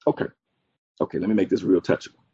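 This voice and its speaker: A man's voice: low-pitched, quick pace, dark tone, breathy edge, no room sound. A man preaching a sermon, using folksy asides and a string of "okay"s. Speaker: pastor. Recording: dull, dry, muffled sound.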